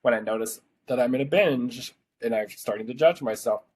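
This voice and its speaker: A man's voice: medium pitch, fairly quick, husky. A man around thirty, a podcast host, telling a personal story in casual, rambling talk full of "like". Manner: chatty, rambling, heavy use of "like".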